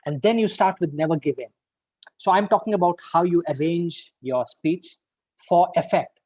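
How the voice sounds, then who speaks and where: A man with a fairly high voice gives a speech evaluation at an online club meeting. He sounds upbeat and encouraging, leans on key words and pauses for effect. The sound is dry and close. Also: darkish tone, no room sound, low-quality recording.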